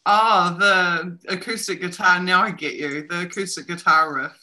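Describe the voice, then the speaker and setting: A woman's voice: lowish voice, steady tone, moderate pace, sharp tone, rough recording. A woman with a New Zealand accent hosting a casual livestream chat from home, laughing often and poking fun at herself. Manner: chatty, laughs often, self-mocking. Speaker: host. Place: home room.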